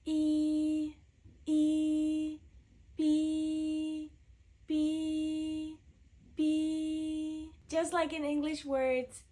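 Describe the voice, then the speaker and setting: A woman with a high voice gives an online pronunciation lesson. She talks very slowly and deliberately, repeating each sound several times for practice. Her delivery is patient and carefully paced for learners. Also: warm tone. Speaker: language teacher.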